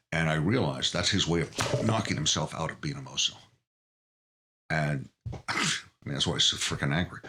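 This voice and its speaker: A man's voice: low voice, sharp tone. A middle-aged man speaking as a guest in an interview, talking in an earnest, emotionally open way that often halts and restarts. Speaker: podcast guest. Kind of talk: candid interview conversation.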